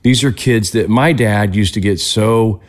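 A man's voice: lowish voice, measured pace. A man hosting an interview, talking in an enthusiastic, encouraging way. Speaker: host. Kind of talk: conversational interview.

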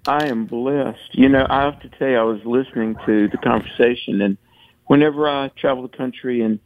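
A man's voice: mid-range voice, brisk, no echo. Southern man telling a story on a dull line. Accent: Southern American. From American South. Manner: chatty storyteller, laughs often. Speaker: radio guest. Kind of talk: radio phone-in chat.

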